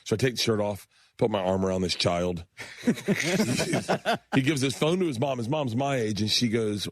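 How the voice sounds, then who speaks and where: A man in his fifties, a comedian telling animated stories on a radio show and acting out the other people in them. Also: lowish voice, moderate pace, pauses often, no echo, studio quality. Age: 50s. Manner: animated storyteller, acts out voices and laughs a lot. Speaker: guest comedian. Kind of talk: storytelling in casual chat. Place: radio studio.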